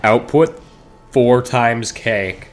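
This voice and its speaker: Speaking extremely slowly in a mid-range voice, a man streams a game and chats casually straight to his viewers, rambling and interrupting himself mid-sentence. Soft background music plays.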